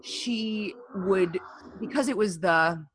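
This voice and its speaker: A woman's voice: mid-range voice, takes it slowly, a little hiss or hum. A woman co-hosting a podcast in casual chat, loose and jokey, swearing freely and laughing often. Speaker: podcast co-host.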